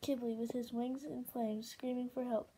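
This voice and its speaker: A woman reading a novel aloud in a steady, expressive way. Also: fairly high pitch, moderate pace, a little hiss or hum, rough recording. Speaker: audiobook reader.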